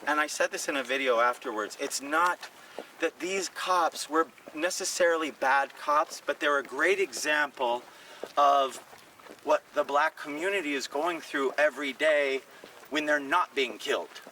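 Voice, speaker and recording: A man's voice: a little high, unhurried, far from the mic, a little hiss or hum, rough recording. A comedian telling stories in casual talk on a city walk, acting out the voices of the people he quotes. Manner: animated, acts out quoted voices. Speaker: comedian and podcast co-host. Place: outdoors on city streets.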